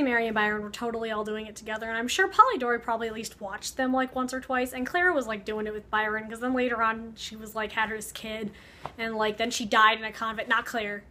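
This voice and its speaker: A woman's voice: on the high side, sharp tone. A young woman vlogging, telling a story in a rambling, sarcastic way full of fillers, talking to the camera. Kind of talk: casual storytelling vlog.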